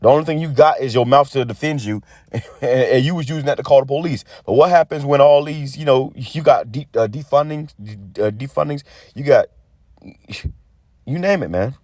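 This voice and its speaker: A man giving a casual preaching monologue, rambling and stammering as he repeats words, and reading scripture slowly and deliberately. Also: medium pitch, a little mellow, dry recording, clean studio sound. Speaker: street preacher.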